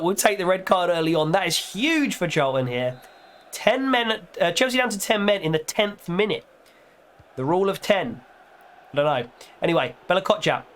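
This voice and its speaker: A young man giving casual, jokey commentary over a football video game, his voice a little strained. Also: on the high side. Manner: chatty, jokey, excitable play-by-play. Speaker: gaming YouTuber.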